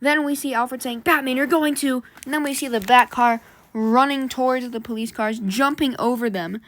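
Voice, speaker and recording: Retelling a comic book story scene by scene, a woman with a fairly high voice chats her way through it at a moderate pace. She sounds casual and animated.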